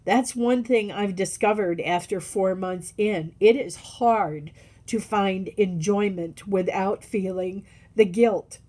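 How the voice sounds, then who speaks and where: A woman speaking candidly in a personal video diary, halting often and restarting her sentences. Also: mid-range voice, dark tone. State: tearful. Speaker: vlogger.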